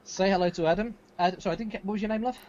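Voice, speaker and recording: A man playing a tabletop horror game, animated and sometimes shouting in character. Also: high-pitched, very fast, dull audio, slight background noise. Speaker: player.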